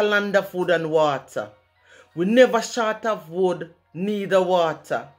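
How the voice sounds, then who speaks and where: A speaker from Jamaica with a Jamaican accent, reciting a rhyming poem in a rhythmic way, using patois phrasing. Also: mid-range voice. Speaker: poet.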